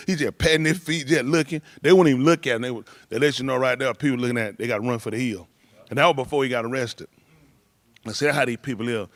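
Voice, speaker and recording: The recording is dry, and the man's voice is medium in pitch. He tells casual stories in a loose ramble, punctuated by laughs and shouted impressions.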